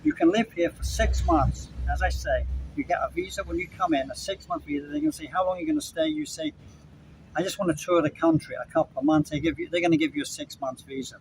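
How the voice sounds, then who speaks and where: A man's voice: high-pitched, very animated, fast, vocal fry, a little hiss or hum, poor audio. A man from Britain, casually ranting to camera in a vlog. He rambles and repeats himself as he talks straight to his viewers. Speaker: vlogger. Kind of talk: casual evening rant to camera. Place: Puerto Vallarta, Mexico.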